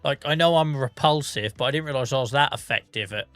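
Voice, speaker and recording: A man chats his way through a gaming livestream, answering viewers' messages with easy, self-mocking humour. His voice has a bright, forward tone. It sounds close-miked and dry, with faint music underneath. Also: mid-range voice, fast, dry recording. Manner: chatty, self-mocking, reads out viewer comments. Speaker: livestream host. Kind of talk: casual chat with viewers while gaming.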